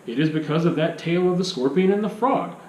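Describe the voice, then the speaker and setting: A man's voice: on the high side, lively intonation, fast talker, a little mellow, echoey room, lo-fi sound. Rambling man reviewing a film. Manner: rambling, many restarts and rhetorical questions.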